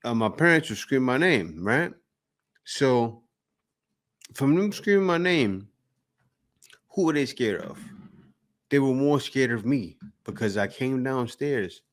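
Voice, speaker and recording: A man hosting a reaction video, giving opinionated casual commentary in a lively, preachy way. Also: medium pitch, slow, pauses often.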